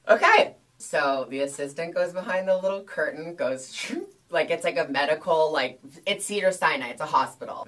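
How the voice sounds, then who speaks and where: A woman vlogger telling a candid storytime, chatty and animated, with heavy use of "like" and self-mocking humor. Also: on the low side. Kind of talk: casual storytime.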